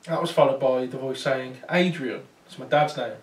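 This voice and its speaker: Recorded from a distance in a reverberant room, a man at a small talk venue shares a paranormal investigation story. His pitch is medium and his pace moderate, and his telling is casual, heavy with fillers and restarts.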